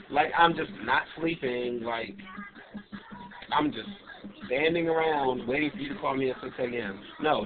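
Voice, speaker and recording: Indignant young man ranting, tinny audio. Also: on the high side. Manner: animated, emphatic and indignant. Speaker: vlogger. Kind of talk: casual ranting storytelling. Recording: tinny lo-fi webcam audio with faint hiss.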